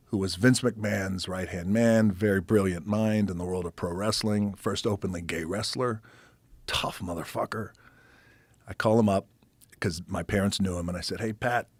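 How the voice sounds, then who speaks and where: A gravelly, husky man spins a story as a podcast guest, cursing freely and playing the people he quotes. His fairly low voice is recorded dry and close, and it sometimes sinks to a whisper. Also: no room sound. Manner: animated, swears freely, acts out quoted people, drops to a whisper. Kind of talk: casual storytelling.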